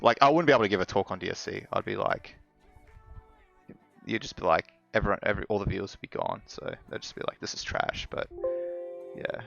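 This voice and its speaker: A man's voice: on the low side, lively intonation, a little fast, vocal fry, fairly bright tone, dull audio, faint music behind. A man chatting casually while live coding, rambling with fillers and laughing often. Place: home office.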